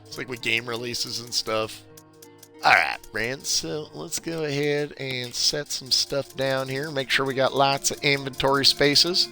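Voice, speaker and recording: A man's voice: mid-range voice, steady tone, measured pace, gravelly, sharp tone, faint music behind. A man from California chatting casually with viewers while playing through a game walkthrough on a live stream. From California, USA. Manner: chatty, rambling, greets viewers. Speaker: gameplay streamer.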